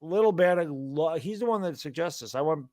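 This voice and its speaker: A man's voice: on the high side, fairly quick, dry recording, clean studio sound. A man in his thirties, co-hosting a sports talk stream, tired and yawning, chatting in a loose, rambling way. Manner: rambling, relaxed storytelling. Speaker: co-host. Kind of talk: casual chat.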